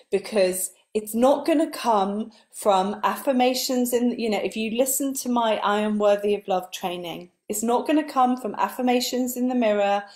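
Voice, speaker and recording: Woman, spiritual coach, live motivational talk, earnest, repetitive lists, soft breathy drops, middle pitch.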